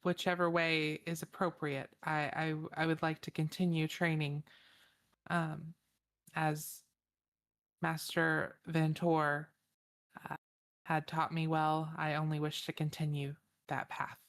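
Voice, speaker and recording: A woman voicing a reserved young female Jedi apprentice who answers in a measured, formal way. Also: low-pitched, flat delivery. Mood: composed.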